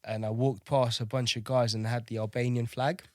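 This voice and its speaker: A man in his thirties from Kosovo swaps service stories on a podcast, loose and chatty, with swearing and stumbles. His voice sits at an ordinary middle pitch and sounds dry and close. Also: flat delivery, fairly quick, no echo. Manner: chatty, swears freely, repeats words while telling stories. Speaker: podcast guest, navy veteran. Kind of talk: casual interview storytelling.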